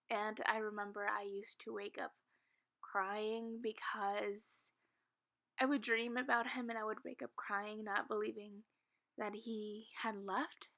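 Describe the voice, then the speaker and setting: A young woman with a slightly high voice chats with her viewers in a loose storytime way. She giggles often and fills her sentences with "like" and "um". Her voice often sinks to a soft, low murmur. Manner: chatty and giggly, full of "like" and "um". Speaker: Sims content creator. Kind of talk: casual storytime chat.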